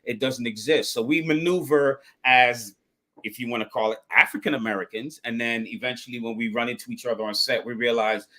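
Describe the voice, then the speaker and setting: A man's voice: medium pitch, brisk. A man, an actor and guest, telling stories in a casual chat and acting out the quotes. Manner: animated storyteller, acts out quotes.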